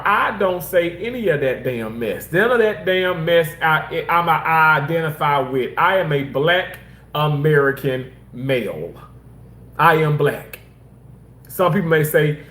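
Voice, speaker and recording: A man casually telling personal stories in an animated, rambling way, repeating himself for emphasis. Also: fairly high pitch, a little slow, echoey room. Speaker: former hospital surgical worker.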